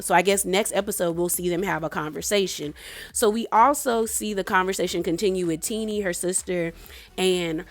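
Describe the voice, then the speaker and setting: A young woman giving a casual, animated recap of a reality show. She laughs often and acts out the lines she quotes. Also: fairly low pitch. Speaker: reality TV reviewer.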